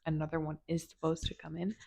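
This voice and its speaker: A young woman vlogging about a book she is reading, gushing and excitable as she reacts and reads passages aloud. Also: deep voice, quick pace, creaky, no room sound, studio quality. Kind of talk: casual reading vlog commentary.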